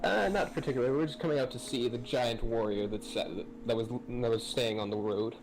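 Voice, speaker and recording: A man playing a tabletop game, talking in a hesitant way with many pauses and restarts. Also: medium pitch, over music, rough recording. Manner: hesitant, full of uhs and restarts. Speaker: player. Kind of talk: casual tabletop play.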